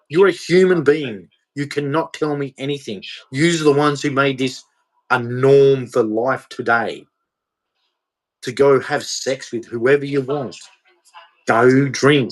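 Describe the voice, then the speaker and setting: A man's voice: fairly high pitch, poor audio. A man, ranting in an emotional monologue to camera, repeating himself as he goes. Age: 40s. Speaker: vlogger.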